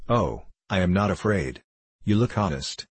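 A man's voice: low-pitched, animated, a little slow, husky, no room sound, full character voice. A man voicing a polite, careless young swindler in a storybook reading. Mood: offhand. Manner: careless, offhand, familiar.

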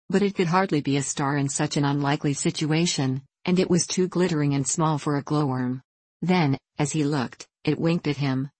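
Low-voiced woman reading a storybook. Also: a little mellow, no room sound, rough recording. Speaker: narrator.

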